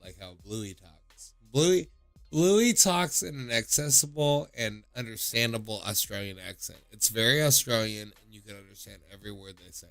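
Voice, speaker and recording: A man's voice: lowish voice, lively intonation, moderate pace, vocal fry, hardly any pauses, a bit bright, faint music behind. A man hosting a call-in stream, chatting casually in a loose, joking, profane way. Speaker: call-in show host.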